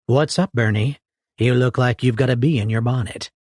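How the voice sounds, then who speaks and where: A man voicing a laconic rich man who puts on a folksy cowboy drawl, amused and unhurried. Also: medium pitch, darkish tone, no room sound, clean studio sound, natural voice.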